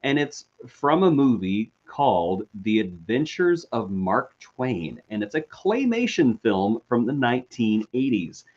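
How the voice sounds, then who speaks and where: A man's voice: medium pitch, big pitch swings, measured pace, few pauses, darkish tone. A man co-hosting a casual chat about TV and film, telling a story with enthusiasm. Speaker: co-host. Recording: dull lo-fi sound.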